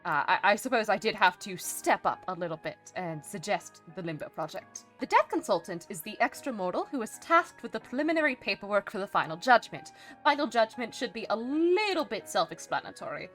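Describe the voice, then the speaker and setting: A woman's voice: medium pitch, sing-song, a little fast, a bit bright, soft background music. A woman streaming in character, chatting casually in a rambling, hesitant way with lots of fillers and restarts, and a dry, playfully smug humor. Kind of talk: casual live-stream chat.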